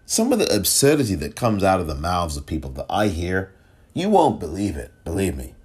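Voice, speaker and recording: A man's voice: deep voice, wildly swooping pitch, brisk, a little mellow, slightly rough. A man hosting his own podcast, talking alone with emphatic rhetorical questions and now and then tripping over his words. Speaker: podcast host. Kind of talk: solo podcast commentary.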